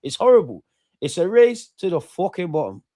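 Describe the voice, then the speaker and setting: A young man from England in his twenties, chatting casually on a live stream, slangy and animated, repeating himself and swearing freely. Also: high voice, moderate pace, dry recording, studio quality. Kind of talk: casual live-stream chat reading viewer comments.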